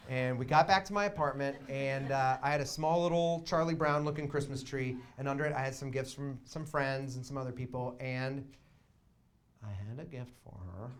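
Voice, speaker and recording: A young man doing stand-up storytelling in a small theater, swinging between quiet asides and loud excited bursts. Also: mid-range voice, a little fast. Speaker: comedian.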